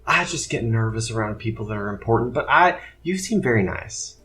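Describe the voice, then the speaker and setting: A man's voice: fairly low pitch, expressive, brisk, fairly bright tone, soft background music. A man playing a nervous, earnest wanderer. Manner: earnest, hesitant, stumbling over words. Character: nervous young man from the wilds. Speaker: player. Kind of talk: voicing a character in a tabletop game.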